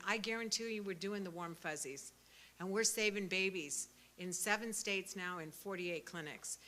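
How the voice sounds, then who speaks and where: Bright-voiced fervent woman in her sixties. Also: medium pitch. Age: 60s. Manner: fervent and emphatic, rising to loud peaks. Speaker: speaker at a pro-life event. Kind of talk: impassioned speech.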